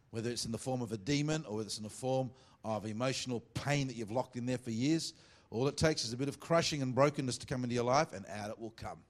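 This sermon comes from a man with a mid-range voice serving as pastor. He sprinkles in jokey, teasing asides to the congregation among stretches of emphatic preaching, and reads scripture slowly and deliberately.

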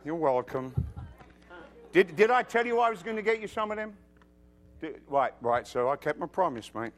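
High-voiced man preaching with swings in volume. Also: very animated, moderate pace. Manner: emphatic, swings from hushed to loud bursts; humorous asides, quotes scripture. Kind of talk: sermon.

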